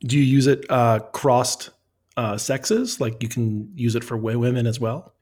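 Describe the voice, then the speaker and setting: A man's voice: medium pitch, unhurried, darkish tone. A man interviewing people, curious and thoughtful, openly amused by the answers. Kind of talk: casual interview questions.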